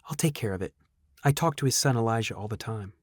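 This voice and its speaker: A man voicing a chatty, friendly young woman who talks quickly and breezily. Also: fairly low pitch, expressive, breathy edge, dry recording. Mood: talkative.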